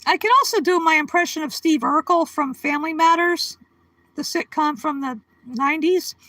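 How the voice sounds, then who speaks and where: A woman hosts a casual livestream in a high-pitched, pushed, bright voice at normal speed, chatting with viewers by name and giggling often. The recording is rough and has no echo.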